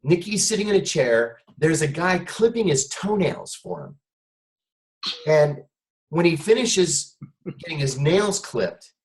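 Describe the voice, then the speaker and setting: Man telling a story with animated voices. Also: on the high side, low-quality recording. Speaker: guest, former intelligence officer. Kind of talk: storytelling interview answers.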